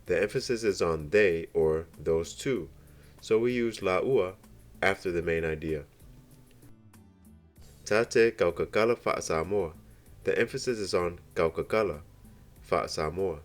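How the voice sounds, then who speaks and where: A man narrating a scripted beginner language lesson, explaining slowly and carefully with example phrases. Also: deep voice, soft background music. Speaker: language teacher.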